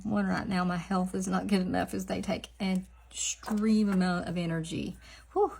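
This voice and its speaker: A middle-aged woman, chatting casually in a nail art vlog, rambling and laughing often, with soft asides. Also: mid-range voice, creaky, husky.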